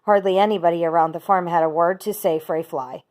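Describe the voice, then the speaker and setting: A teacher reading a children's book aloud, steady and expressive. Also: female voice, fairly low pitch, fast talker.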